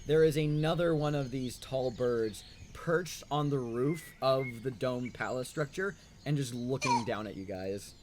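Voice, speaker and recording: A man's voice: medium pitch, a little slow, few pauses, a little mellow, slight background noise. A man narrating a tabletop game as game master, hesitant and full of "like" and "um".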